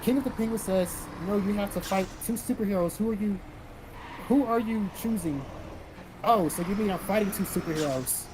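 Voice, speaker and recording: A South Carolina man with a high voice hosts a casual livestream, reading out viewer comments and answering them bluntly with plenty of profanity. He talks plainly at a moderate pace. Steady background noise sits beneath him, and vehicles pass now and then.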